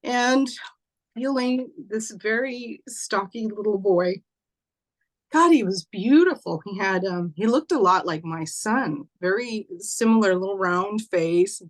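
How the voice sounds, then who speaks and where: Woman telling a tender story. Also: mid-range voice. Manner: halting, acts out dialogue softly. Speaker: guest. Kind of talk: emotional storytelling.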